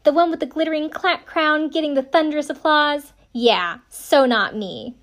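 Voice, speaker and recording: A sassy teenage pageant queen from the American South, put on by a woman, with a perky, sing-song drawl. The voice jumps up high and loud, with a bright, showy lift on each phrase and a broad upstate South Carolina twang. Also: moderate pace.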